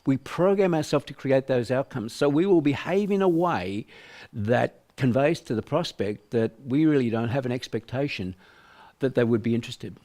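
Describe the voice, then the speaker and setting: A man's voice: mid-range voice, expressive, moderate pace, darkish tone. An older Australian man teaching sales prospecting, emphatic, acting out small voices to make his points. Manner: emphatic, acts out voices to illustrate. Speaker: sales trainer. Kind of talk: business training presentation.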